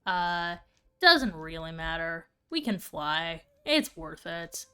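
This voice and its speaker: A woman's voice: on the low side, very animated, takes it slowly, sharp tone, clean tone. A young woman casually chatting and thinking aloud while she plays a game on stream. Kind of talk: casual gameplay commentary.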